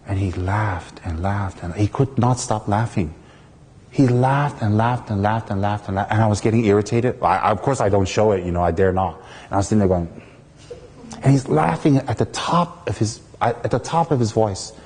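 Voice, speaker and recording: A man from the United States, a Buddhist teacher, giving a dharma talk through a lively personal story in which he acts out the people in it. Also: lowish voice, moderate pace, in a large hall.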